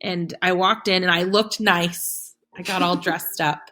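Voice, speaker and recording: A woman in her thirties, a podcast guest, telling her story in a casual, animated way, laughing often and acting out the dialogue. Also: fairly low pitch, a little slow. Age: 30s.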